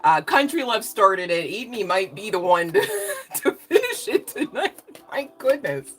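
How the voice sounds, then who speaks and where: Animated, laughing woman tarot reader. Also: medium pitch, measured pace, slight background noise. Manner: laughing often, animated, casual and cheeky; swears casually, uses slang. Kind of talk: live tarot reading.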